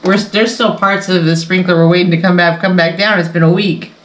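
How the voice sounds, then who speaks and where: A woman's voice: fairly low pitch, fairly even intonation, a little fast, reverberant, rough recording. A woman hosting a casual sew-along quilting vlog from her home sewing room, talking in a chatty, rambling way and laughing often. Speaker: quilting channel host.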